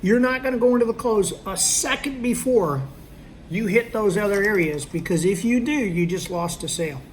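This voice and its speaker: Speaking at a normal speed in a high-pitched voice, a sales trainer walks his audience through a technique, acting out both parts of a sales exchange. He keeps it conversational with frequent "okay?" and "all right?" check-ins, against slight background noise.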